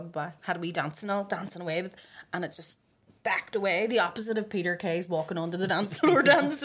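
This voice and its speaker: A Northern Irish woman in her thirties hosting a podcast, chatting casually and telling stories with lots of laughter. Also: lowish voice. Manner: lively storyteller, laughs often. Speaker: podcast host. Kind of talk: casual chat.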